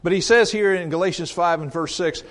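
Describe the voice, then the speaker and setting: A man preaching a sermon in a conversational way, asking rhetorical questions and rising and dropping his voice for emphasis. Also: fairly quick. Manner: varies pitch and loudness widely for emphasis.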